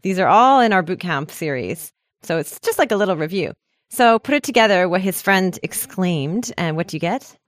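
Brief: woman co-host of a language lesson, animated pitch, low-ish voice, dry close mic, chatty and patient. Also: moderate pace, dry recording. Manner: chatty, explains patiently, laughs often. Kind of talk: casual podcast lesson.

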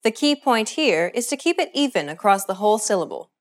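Lively-voiced woman teaching a lesson. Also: mid-range voice. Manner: clear, measured instructional delivery. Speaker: language teacher. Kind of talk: scripted lesson narration.

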